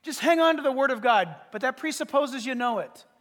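A male pastor preaching a sermon, emphatic, often pausing to say "listen" to press his points. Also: very high-pitched, lively intonation, a bit bright. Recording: reverberant hall.

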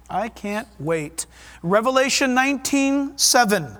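A man preaching a sermon and reading scripture aloud, fervent and emphatic, with his pace swinging from quick to drawn out. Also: very high voice, expressive, a bit bright.

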